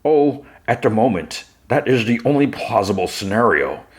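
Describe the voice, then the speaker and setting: A man's voice: mid-range voice, very animated, moderate pace, husky, voice pushed up. A man voicing a cornered woman intelligence officer, reading her lines in a slightly raised, defensive tone. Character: cold intelligence officer woman under interrogation.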